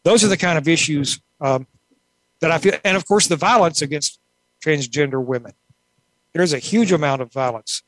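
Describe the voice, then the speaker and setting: In a relaxed interview, a woman author gives thoughtful, meandering answers full of asides. She speaks at a moderate pace in a deep voice, and the rough recording has no room sound.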